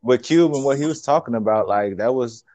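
A man's voice: mid-range voice, brisk, a little mellow, no room sound. A man speaking as a guest in a casual podcast chat, emphatic and rambling. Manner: emphatic, rambling, lots of fillers.

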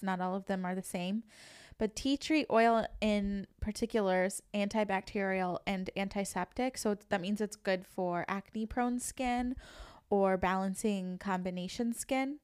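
A woman co-hosting a comedy podcast, telling stories in an animated, laughing way. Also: medium pitch, clean tone. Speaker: podcast co-host. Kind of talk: casual comedic chat.

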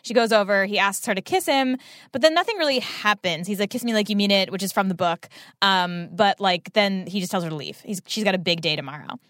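Woman podcast co-host, fast and chatty, casual rambling recap, dry close-miked sound. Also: medium pitch, no room sound. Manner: rambling, filler-heavy, animated retelling. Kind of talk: casual chat recapping a TV episode.

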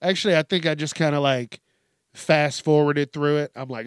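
A man's voice: fairly high pitch, moderate pace, smooth, no room sound, clean studio sound. A man hosting a casual solo podcast, rambling and swearing through jokey rants, slipping into mocking quoted voices and laughing at himself. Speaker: podcast host.

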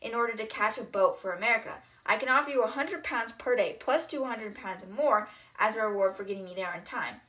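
A woman reading the lines of a determined gentleman traveler in a storybook retelling, in a brisk, businesslike way. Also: on the high side.

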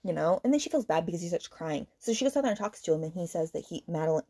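A woman's voice: on the low side, animated, rapid-fire, few pauses, dark tone, breathy edge. A woman hosting a book podcast, retelling a plot in a heated, exasperated casual rant, with swearing and lots of "like" and "okay". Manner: many fillers like "like" and "okay".

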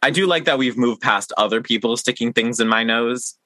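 A man's voice: medium pitch, a little fast, sharp tone, no echo. A man hosting a casual podcast, rambling with fillers and teasing his guest playfully. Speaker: podcast host.

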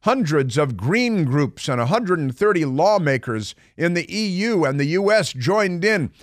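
A man's voice: on the high side, sing-song, unhurried, dry recording. A man hosting a talk radio show, delivering a sarcastic monologue with mocking asides from a studio microphone.

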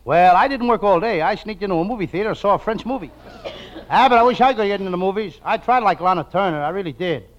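A man with a high, quick voice delivers his lines in a whiny, excitable way, a 1940s radio comic. The sound is muffled and lo-fi, like an old radio transcription. He talks at a rapid clip. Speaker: comedian, comic partner.

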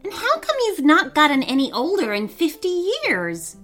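A brave young schoolgirl speaks with firm insistence in a bright, raised voice, as a storyteller puts her on. The delivery is lively and rises and falls a lot, over faint music. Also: high-pitched, normal speed, pitched above the performer's own voice, exaggerated voice.

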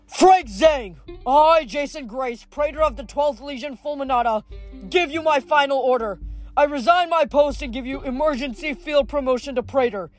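A man's voice: very high voice, normal speed, soft background music, voice pushed up. A reader voicing a young male praetor giving formal orders in a drill-sergeant manner. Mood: formal, commanding.

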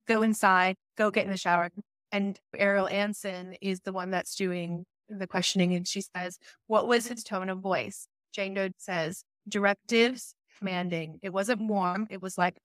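A woman's voice: mid-range voice, fairly bright tone, no room sound. Woman host recounting testimony, dry close sound. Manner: recounting testimony in a measured, serious way. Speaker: podcast host. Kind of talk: podcast discussion, reading out court testimony.

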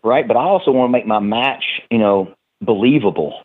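A man's voice: mid-range voice, a little fast. A man with a Tennessee accent, a wrestler telling stories in a casual interview, often restarting his sentences. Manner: relaxed storytelling with many restarts. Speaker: wrestler guest. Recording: phone-like remote audio.

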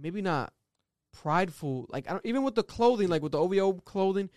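A man talking in casual chat, animated and rambling, laughing often. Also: high-pitched, brisk, no room sound, studio quality.

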